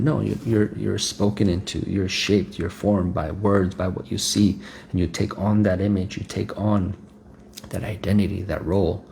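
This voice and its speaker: A man's voice: low-pitched, fairly even intonation, normal speed, gravelly, mellow, slight background noise. A man preaching a sermon in a rhetorical, repetitive way, often checking in with "right?".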